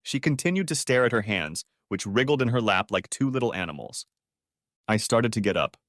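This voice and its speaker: A man narrating a first-person drama story for an audiobook in a dramatic, expressive way. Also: fairly low pitch, fairly quick, no room sound, clean studio sound.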